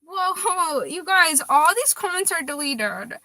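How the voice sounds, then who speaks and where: A woman's voice: very high-pitched, very animated, slow, pushed and bright, dry recording. A woman in her twenties chatting casually on a livestream, reading viewer comments aloud and laughing often. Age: 20s.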